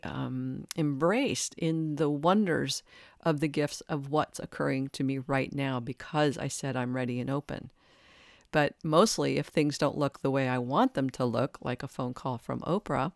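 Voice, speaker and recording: A woman's voice: low-pitched, creaky, dry recording, clean studio sound. Earnest woman hosting a spiritual podcast. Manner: earnest, laughs at herself, acts out her own inner complaints. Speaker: podcast host. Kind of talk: reflective spiritual podcast monologue.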